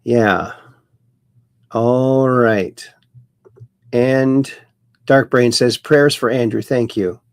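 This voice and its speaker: A man hosts a casual livestream, reading out viewer comments with playful little asides. His voice has a gravelly, fry-tinged edge. The sound is close and dry. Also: medium pitch, very slow, long pauses, no echo. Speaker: livestream host reading chat.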